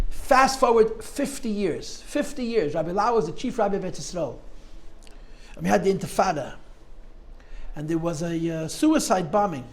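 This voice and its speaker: A man teaching a Torah class, telling a story with lively, dramatic emotion and acting out the quotes. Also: high voice, poor audio. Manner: animated storyteller, acts out quotes with rising emotion.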